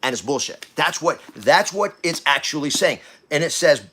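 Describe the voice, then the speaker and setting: A man hosting a podcast, giving a blunt motivational talk that swings from quiet to loud, with coarse language. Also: fairly high pitch, expressive, moderate pace, husky. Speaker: podcast host.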